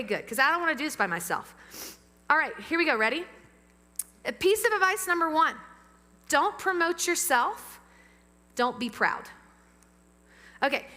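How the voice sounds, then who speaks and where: A woman pastor preaching a sermon to a church congregation, lively and engaging them with questions. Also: on the high side. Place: church sanctuary with amplified sound. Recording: long reverb of a church hall.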